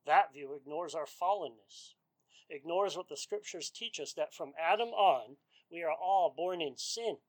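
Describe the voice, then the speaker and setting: Male preacher, earnest and measured, somewhat higher voice, sermon delivery. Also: low-quality recording. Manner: earnest, measured, rhetorical questions. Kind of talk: expository sermon.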